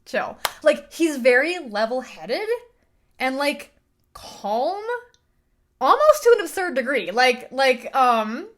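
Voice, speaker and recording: Reviewer: a woman, slightly high voice, ranting casually with lively exasperation. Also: slow pace. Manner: animated, exasperated, filler-heavy. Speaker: book and film reviewer. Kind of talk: casual rant to camera.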